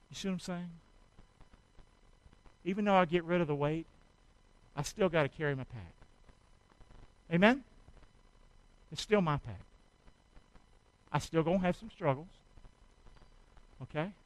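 A man's voice: on the high side, clear, resonant tone, dry recording, poor audio. A man preaching a sermon in church, exhorting and calling on the congregation to answer back while he works through a demonstration. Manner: exhorting, calls for congregation response; out of breath from effort. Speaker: pastor.

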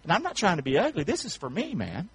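A pastor, preaching a sermon in call-and-response, building up to rapid repeated shouted questions. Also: male voice, sits high, huge pitch swings, creaky, breathy edge.

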